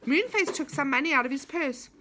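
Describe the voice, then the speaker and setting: A woman reading a children's story aloud in an expressive, animated way. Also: high voice, brisk, slight background noise.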